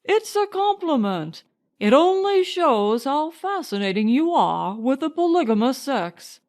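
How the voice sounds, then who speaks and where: A woman's voice: high voice, very animated, a little slow, darkish tone, voice pushed up, heavily acted. A woman reading an audiobook voices a playful young army captain with a British accent, mock-formal and joking. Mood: teasing.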